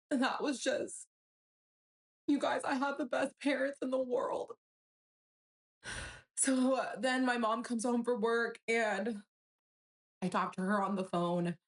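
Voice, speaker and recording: A woman's voice: on the high side, fairly even intonation, slow, long pauses. A young woman from Nigeria earnestly recounting a personal story, full of quoted dialogue.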